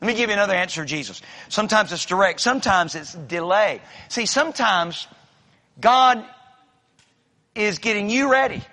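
High, bright preacher in a hall. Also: male voice, expressive, normal speed. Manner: folksy storytelling preacher, acts out voices. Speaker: pastor. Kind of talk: sermon. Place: church sanctuary. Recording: long reverb of a large hall.

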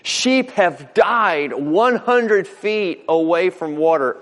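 Middle-aged guy preaching, pretty high voice, folksy, repeats himself a lot, big echoey church. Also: lively intonation, slow pace, a bit bright. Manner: folksy preaching with repeated words and alliterative lists. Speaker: pastor. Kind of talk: sermon. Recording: long hall reverb.

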